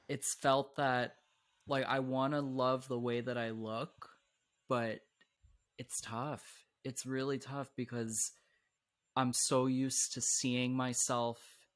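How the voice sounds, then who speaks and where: A young man hosting a podcast, talking casually and opening up about personal struggles in a halting way, with many restarts. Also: mid-range voice, a bit bright. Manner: hesitant, halting with restarts when speaking personally. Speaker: podcast host. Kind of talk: casual conversation.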